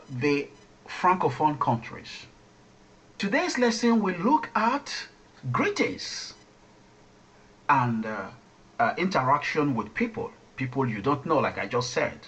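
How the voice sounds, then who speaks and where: A man hosting a radio lesson, teaching French phrases slowly and coaching listeners to repeat after him. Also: a little high, a bit bright. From Nigeria.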